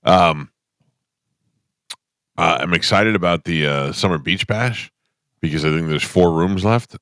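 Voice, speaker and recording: A man hosting a morning radio show from the studio, chatting and telling stories in a rambling, animated way. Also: low-pitched, unhurried, no echo. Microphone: studio mic.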